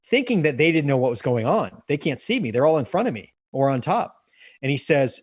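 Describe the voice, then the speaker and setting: A man's voice: a little high, big pitch swings, fairly quick, slightly rough, dry recording, clean studio sound. An earnest man telling a personal story as an interview guest, often repeating words as he restarts sentences. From United States.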